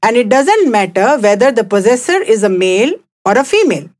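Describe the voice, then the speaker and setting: A woman teaching a language lesson in a clear, deliberate scripted delivery. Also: on the high side, very animated, a little mellow.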